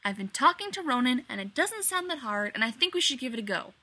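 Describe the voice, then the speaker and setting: A woman voicing an impatient adult male scientist who speaks in a brisk, matter-of-fact way. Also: high-pitched, very animated, pushed and bright, no echo, pitched above the performer's own voice, exaggerated voice.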